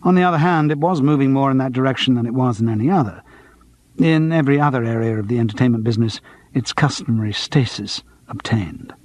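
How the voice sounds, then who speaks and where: A man narrating an audiobook in a measured, gently wry voice with a husky edge. It is recorded close and dry, with no room sound. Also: mid-range voice, no room sound. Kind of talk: scripted narration.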